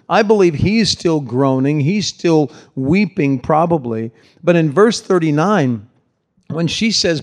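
A man's voice: on the high side, a little mellow. A middle-aged man, a pastor, giving a sermon in a conversational, folksy way with touches of humor.

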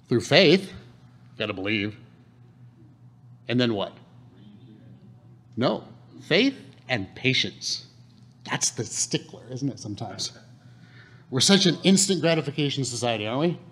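In a church hall, a man with a medium-pitched, slightly rough voice preaches conversationally, taking his time and leaving long pauses. He's animated and often puts questions to the congregation.

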